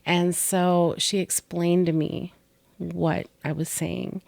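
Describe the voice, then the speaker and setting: A woman's voice: lowish voice, level tone, slow, creaky, no room sound. A middle-aged woman co-hosting a podcast, candidly telling a personal story and sometimes dropping to a whisper. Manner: candid, soft-spoken, drops to whispers on painful moments. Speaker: podcast co-host.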